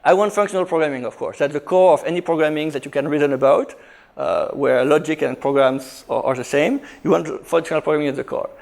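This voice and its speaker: A man giving a conference talk on programming, emphatic, with quick restarts and self-corrections. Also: on the high side, vocal fry, darkish tone. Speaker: conference speaker. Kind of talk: technical talk.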